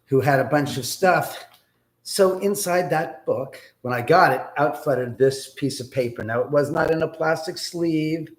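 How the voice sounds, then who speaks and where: Man telling a story in a roomy echo. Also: a little high. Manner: animated, rambling, swears freely. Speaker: live-stream host. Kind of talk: casual storytelling on a live stream. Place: in a house.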